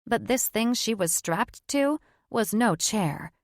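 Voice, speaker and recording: A woman reading a fantasy audiobook in scripted narration, measured and even. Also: medium pitch, dry recording, studio quality.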